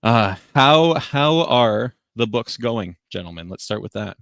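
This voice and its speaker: A man's voice: mid-range voice, animated, unhurried, vocal fry, a bit bright, no echo, studio quality. A man hosting a casual live-stream chat, talking readily and laughing often. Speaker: host.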